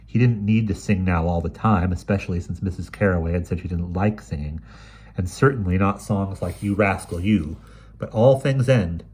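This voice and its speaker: Deep husky man reading a story aloud. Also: a little mellow. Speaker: reader.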